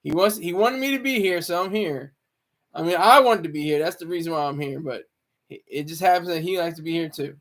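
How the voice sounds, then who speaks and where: Guy streaming, fairly high voice, rambles and restarts a lot. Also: a little fast, a bit bright. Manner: rambling, self-interrupting, stammering restarts. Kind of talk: casual live-stream monologue.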